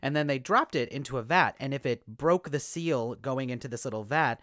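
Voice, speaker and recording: A man's voice: medium pitch, normal speed, fairly bright tone, no echo, studio quality. A man co-hosting a podcast who teaches fitness classes, talking in rambling casual chat and laughing often. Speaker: podcast co-host, fitness instructor.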